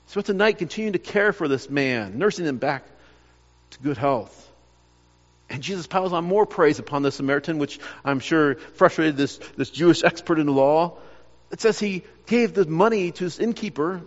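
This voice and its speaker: A man with a high voice preaches with earnest insistence, stumbling over and repeating words as he drives each point home. The sound is a bit muffled and carries a long echo, as if recorded in a large hall. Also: expressive, normal speed. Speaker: pastor. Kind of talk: sermon.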